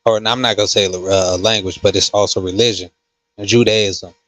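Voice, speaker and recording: A man who hosts a casual livestream and reads comments, talking slowly with many fillers and restarts. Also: on the low side, steady tone, fairly bright tone, no room sound. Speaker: host.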